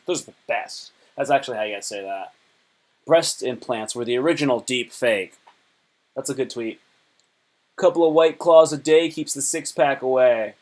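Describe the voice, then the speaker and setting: A man hosting a casual livestream, rambling in slang while reading posts aloud and joking. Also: mid-range voice. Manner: slangy, rambling, reads tweets aloud and jokes. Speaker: livestream host. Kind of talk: casual chat.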